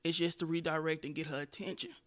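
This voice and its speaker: A woman in her twenties hosting a podcast, telling a story in a casual comedic way with profanity and loud animated bursts. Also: sits low, fast talker. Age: 20s. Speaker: podcast host.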